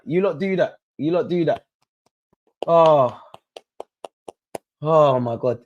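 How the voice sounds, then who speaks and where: A young man hosting a live football watch-along, swinging between low muttering and yelling at the referee. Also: moderate pace, pauses often, highs cut off, a little hiss or hum. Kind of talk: live match reaction.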